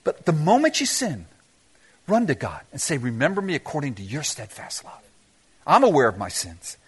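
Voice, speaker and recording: A man's voice: on the high side, wildly swooping pitch, normal speed, husky. A man preaching a sermon, asking the congregation rhetorical questions and mixing in humorous asides. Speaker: pastor.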